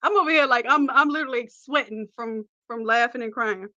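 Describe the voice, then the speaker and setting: A woman's voice: fairly high pitch, fairly quick, pushed and bright, no room sound, muffled recording. A woman hosting a casual livestream, chatting and teasing as she walks through a design tutorial. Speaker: host.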